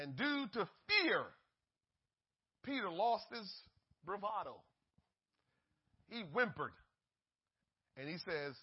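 A man preaching a sermon, swinging from shouted peaks to hushed asides and acting out the voices in the story. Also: sits high, sing-song, slow, pauses often, slightly rough, muffled recording.

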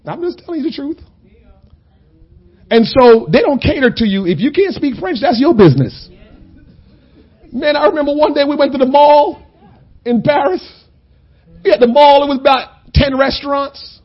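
A man preaching a sermon in a conversational, storytelling way that builds to loud, shouted points. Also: very high-pitched, animated, moderate pace, pauses often, muffled recording.

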